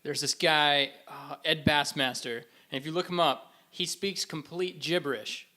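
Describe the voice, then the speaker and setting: A man from the show's crew jumps in with a funny anecdote. His voice is bright and a little high, with an amused, storytelling tone. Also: fairly even intonation, normal speed. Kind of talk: casual chat.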